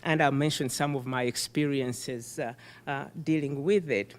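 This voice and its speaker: A middle-aged woman who is not a native English speaker, giving an animated, emphatic conference keynote. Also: extremely low pitch, normal speed. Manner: animated, emphatic, self-deprecating. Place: conference hall. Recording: reverberant hall.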